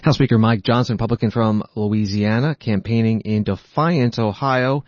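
A man reading scripted news narration in a measured, formal manner. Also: lowish voice, darkish tone, no room sound, lo-fi sound. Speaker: news anchor.

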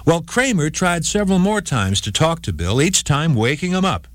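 A man's voice: on the high side, very animated, normal speed, dry recording, studio quality. A man hosting a short radio segment on the law, telling a court case in scripted narration. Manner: storytelling, voices quoted speakers lightly. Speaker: legal segment host.

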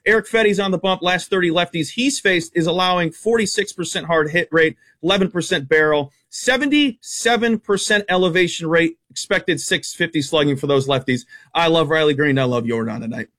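Brief: high-voiced male betting analyst, rapid-fire stats, blunt opinions. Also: fairly bright tone. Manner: rapid-fire stat-heavy, emphatic and opinionated. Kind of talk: casual radio sports betting talk.

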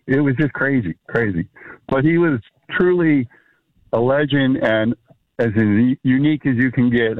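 A man's voice: mid-range voice, no room sound. A man calling into a sports radio show, telling a rambling story with many fillers. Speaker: caller. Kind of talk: phone-in anecdote. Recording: tinny phone line.

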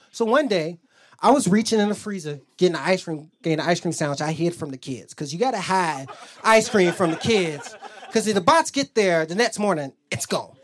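Animated man telling crude stand-up stories. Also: high voice, brisk. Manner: animated storytelling, acts out quoted lines; crude, profane. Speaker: stand-up comedian. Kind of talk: stand-up comedy set.

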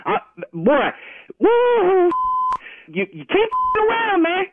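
A man's voice: extremely high pitch, huge pitch swings, takes it slowly, noisy background. A man threatening a caller on the phone over his wife, repeating "man" as he warns him off. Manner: threatening, protective, keeps saying man. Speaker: prank call victim. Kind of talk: heated phone argument. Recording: tinny phone line.

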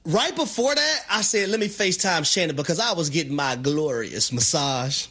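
A man co-hosting a sports talk show, telling stories in an animated, preacher-like way. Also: a little high, normal speed, breathy edge. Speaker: sports radio co-host.

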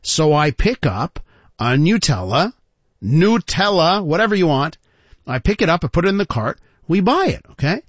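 A man hosting a talk radio show, telling a story in an animated way and calling listeners ladies and gentlemen. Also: on the high side, fairly quick, no echo. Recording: dull lo-fi broadcast sound.

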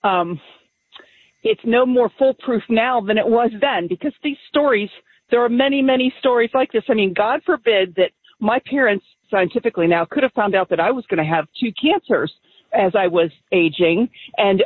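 A woman's voice: fairly high pitch, expressive, moderate pace, slightly rough, dry recording. A woman calling in to a radio show, speaking firmly and from the heart. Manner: firm, heartfelt testimony. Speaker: caller. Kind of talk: call-in radio talk. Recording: tinny phone line.

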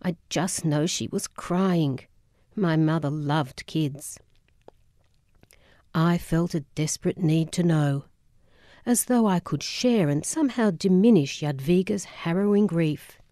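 Woman narrator, memoir audiobook, low mellow voice, dry close sound, measured. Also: no room sound. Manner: measured, solemn.

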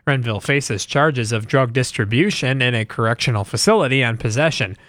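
A man reading a radio news bulletin in a steady, measured way. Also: mid-range voice, no room sound, studio quality. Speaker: radio newsreader.

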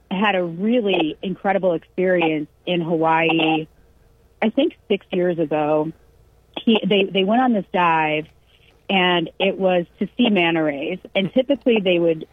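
A woman with a slightly low, husky voice tells a family story in easygoing conversation, slipping into the voices of the people she quotes. The sound is dry and tinny, like a phone line. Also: no room sound. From California. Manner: animated anecdote-telling, acts out quotes. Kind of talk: casual chat.

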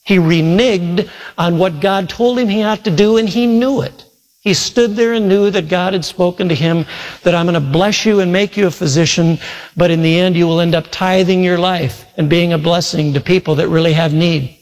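A man whose voice sits high, speaking at normal speed, preaches a sermon with long hall reverb around him. He earnestly tells a long story, acting out the quoted voices and breaking into sudden loud shouts.

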